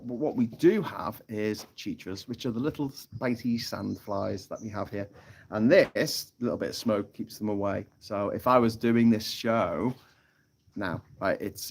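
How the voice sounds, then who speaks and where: Rambling man on a live stream. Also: fairly low pitch. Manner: chatty storytelling with frequent laughs and swearing. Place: outdoors on a tropical island. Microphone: phone.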